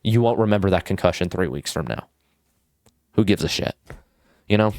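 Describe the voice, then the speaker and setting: A man's voice: low voice, animated, normal speed, a little mellow, no room sound, clean studio sound. A young man vlogging casual social advice, goofy and full of swearing and fillers. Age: young adult.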